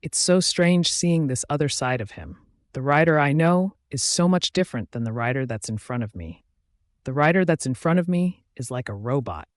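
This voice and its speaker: A man giving steady first-person audiobook narration of a scripted story. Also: on the high side, moderate pace, no room sound, clean studio sound.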